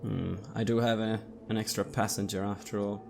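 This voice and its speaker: A man's voice: fairly low pitch, flat delivery, moderate pace, creaky, over music. A man playing a tabletop game, describing his character's actions carefully, with frequent fillers. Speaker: player.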